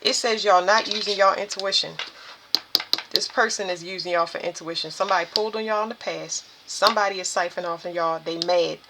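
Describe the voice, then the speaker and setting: A woman's voice: on the low side, fairly quick, background noise. A woman doing a tarot reading, talking to viewers in an emphatic, preachy way. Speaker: spiritual tarot reader.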